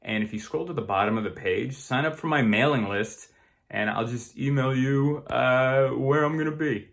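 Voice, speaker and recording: A man casually signing off his own comedy channel, relaxed and offhand with fillers. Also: medium pitch, normal speed, vocal fry.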